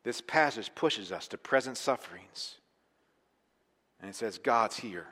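A man preaching a sermon as pastor, talking conversationally and with emphasis, sometimes falling to a quiet, intense tone. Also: fairly low pitch, expressive, unhurried, slightly rough, in a large hall.

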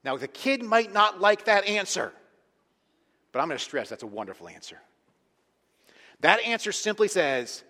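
A man delivering a sermon as pastor, chatting with the congregation one moment and pressing a point hard the next. His voice is bright and forceful. It rings out with a long reverb through a large hall. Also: high-pitched, big pitch swings, normal speed, pauses often. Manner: conversational, emphatic, swings from loud to hushed.

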